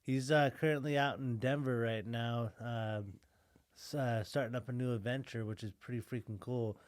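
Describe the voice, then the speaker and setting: A man co-hosting a podcast in casual chat, relaxed and laid-back, swearing now and then. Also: mid-range voice, moderate pace, dry recording, clean studio sound. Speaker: podcast co-host.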